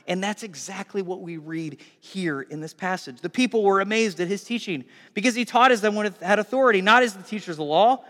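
Animated high-voiced male pastor, hall reverb. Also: brisk, few pauses. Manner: animated, swings from hushed to loud. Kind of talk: sermon.

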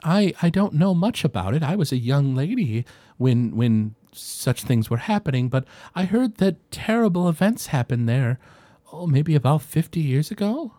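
Game master doing a gentle, halting old lady. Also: mid-range voice, big pitch swings, dry recording, lightly acted. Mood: hesitant. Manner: gentle, hesitant, repeats words. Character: polite older human woman neighbor.

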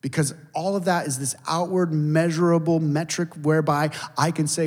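A male pastor delivers a sermon in a fairly high voice, moving between loud, animated emphasis and quiet, intense passages. His voice carries the long reverb of a large hall. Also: moderate pace, hardly any pauses.

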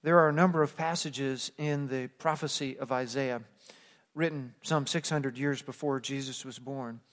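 A man with a notably high voice preaches with earnest conviction, breaking into casual everyday asides. His words ring out with a long reverb, as in a church sanctuary. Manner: earnest preaching, acts out plain-spoken asides. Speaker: pastor. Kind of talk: sermon.

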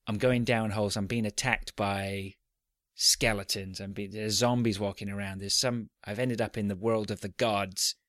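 Rambling low-voiced man. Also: moderate pace, no room sound, clean studio sound. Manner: rambling, self-interrupting, animated. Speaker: podcast host. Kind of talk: casual chat about video games.

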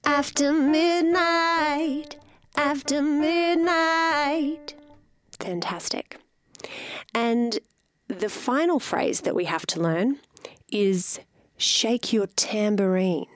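Patient female host who also leads the singing lesson, slow and dry. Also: medium pitch, no room sound, faint music behind. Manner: slow, patient, counts in singers. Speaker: host and vocal teacher. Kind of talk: casual chat and singing lesson.

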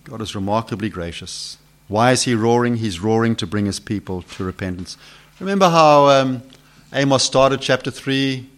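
A man preaching a sermon who asks the congregation questions and swings between loud build-ups and hushed lines. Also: mid-range voice, expressive, moderate pace.

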